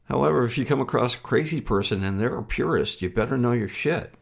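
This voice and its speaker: A man co-hosting a podcast who talks in a halting, easygoing way with many fillers. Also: mid-range voice, lively intonation, creaky. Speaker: podcast co-host. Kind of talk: casual chat.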